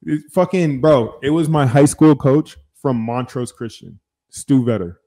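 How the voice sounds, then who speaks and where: A young man hosting a podcast, telling a story in casual chat, animated and profane, acting out both sides of phone calls. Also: on the high side, a little slow. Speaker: podcast host.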